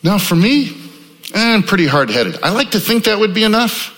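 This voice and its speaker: A man in his fifties preaching a sermon, swinging between loud exclamations and low, quiet stretches. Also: sing-song, moderate pace. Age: 50s. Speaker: pastor. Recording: long hall reverb.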